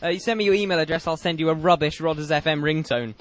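A man's voice: fairly high pitch, fairly even intonation, fast talker, soft background music. A young British man hosting a comedy radio quiz, teasing and mock-insulting his callers with frequent laughs. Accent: British English. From Britain. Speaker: radio show host.

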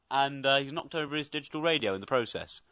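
A man's voice: medium pitch, sharp tone, dry recording. Wry young man reviewing a film. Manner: chatty, wry, laughs easily. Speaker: co-host. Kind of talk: casual podcast film review.

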